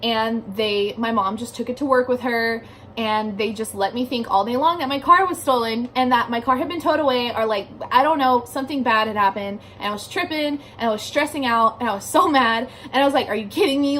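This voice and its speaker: A woman's voice: a little high, a little fast, a bit bright, a little hiss or hum. A young adult woman telling a story in a casual vlog from her bedroom, chatty and filling her speech with "like", swearing casually. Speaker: vlogger.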